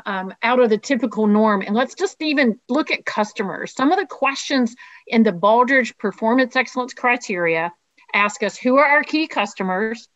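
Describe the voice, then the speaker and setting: A woman co-presenting a webinar over a video call with her camera off, explaining a framework briskly and asking rhetorical questions. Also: on the high side, a bit bright. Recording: muffled video-call audio.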